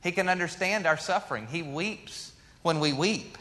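A male pastor preaching a sermon in a conversational way, pushing up for emphasis and then dropping to a soft, slow hush. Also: a little high. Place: church sanctuary. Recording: long hall reverb.

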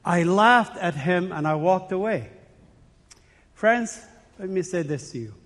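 A man's voice: high-pitched, expressive, a little slow, fairly bright tone, big-room sound. A man giving a testimony sermon, telling his story dramatically in short, emphatic phrases. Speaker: speaker giving a personal testimony.

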